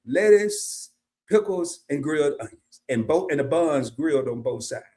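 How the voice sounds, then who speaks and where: A man's voice: a little high, huge pitch swings, normal speed, gravelly, darkish tone. A man, telling a casual story on his live stream and greeting chatters by name.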